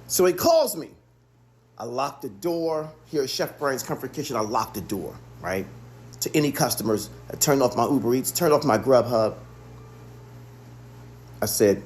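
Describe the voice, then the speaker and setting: A man's voice: medium pitch, moderate pace, long pauses, a little mellow, slight background noise. A man, a chef, telling the story of a phone call in an earnest monologue, often repeating himself for emphasis. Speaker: chef and restaurant owner.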